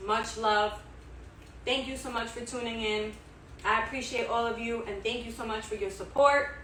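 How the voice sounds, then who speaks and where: A woman's voice: on the high side, fairly even intonation, moderate pace, fairly bright tone, a little hiss or hum. A woman hosting her own cooking vlog, chatty and enthusiastic, repeating herself as she cooks and tastes. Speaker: home cook, channel host. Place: home kitchen. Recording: echoey kitchen, mic at a distance.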